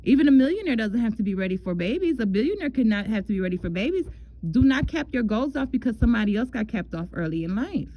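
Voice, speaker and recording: A woman's voice: fairly high pitch, very animated, fast talker, warm tone, poor audio. A woman giving a casual astrology love reading in a chatty way, repeating herself and calling the listener "girl". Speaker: tarot love reader.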